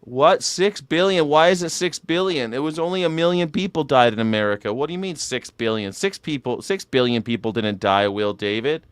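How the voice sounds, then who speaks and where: A man's voice: fairly high pitch, animated, brisk, few pauses, smooth, dry recording. A young man hosting a news reaction show, sarcastic and joking, swearing freely. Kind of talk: comedic news reaction commentary.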